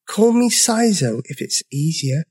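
A man voicing a huge, gentle male dinosaur who speaks in a tiny, shy, soft voice in a storybook reading. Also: fairly high pitch, sing-song, measured pace, husky, voice pushed up, heavily acted. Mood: timid. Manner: soft and timid, pleading. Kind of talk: storybook character voice.

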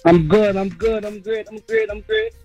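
A man's voice: sits high, drawn-out words, a little mellow, husky, soft background music, full character voice. A man calling in anonymously to a radio show, putting on a fake accent to disguise his voice. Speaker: anonymous caller. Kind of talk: radio call-in.

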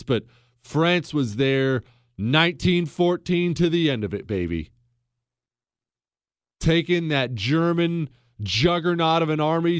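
An American man hosting a casual history talk, folksy and emphatic, with his pitch and pace swinging widely as he makes a point. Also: dry recording, clean studio sound. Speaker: podcast host.

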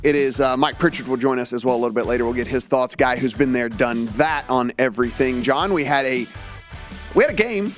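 A man's voice: mid-range voice, soft background music. A man hosting a sports betting talk show, chatting casually about games and lineups. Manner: rambling, chatty, reads lineups quickly.

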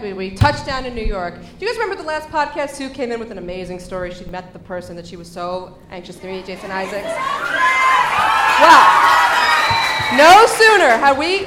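Woman podcast host live, chatty upbeat, echoey room with crowd noise around. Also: medium pitch. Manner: upbeat, chatty, introducing segments.

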